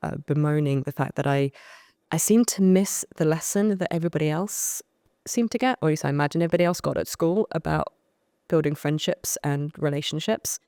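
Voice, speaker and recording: A woman from the United Kingdom, a coach appearing as a podcast guest, shares candid, self-deprecating stories about her past, animatedly acting out earlier moments in conversation. Her low, clear, resonant voice moves fairly quickly in a dry, clean studio recording.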